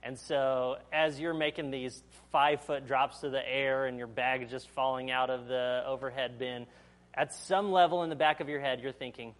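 A man's voice: mid-range voice, fairly even intonation, normal speed, a bit bright. A man preaching a sermon, reading scripture aloud and then explaining it in a conversational way, asking the audience questions and acting out the quotes. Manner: acts out quotes in voices.

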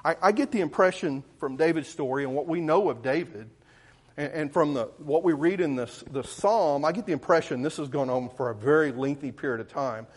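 A man's voice: fairly high pitch, brisk, slightly rough. A man, preaching and telling a childhood story in a folksy way, often correcting himself mid-sentence. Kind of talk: sermon storytelling.

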